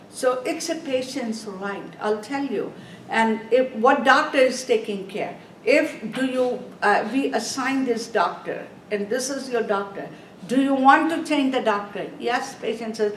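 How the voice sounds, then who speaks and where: A woman's voice: fairly high pitch, unhurried. Emphatic woman lecturing in an echoey classroom. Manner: emphatic, repeats "Are we clear?"; non-native English grammar. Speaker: nursing exam instructor. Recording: echoey room, voice from far off, faint background noise.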